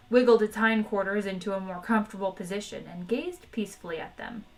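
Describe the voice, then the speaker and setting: A woman's voice: mid-range voice, low-quality recording. A woman reading a novel aloud on a live stream, narrating expressively and chatting with viewers between passages. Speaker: book reader on a live stream. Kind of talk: expressive read-aloud with character voices.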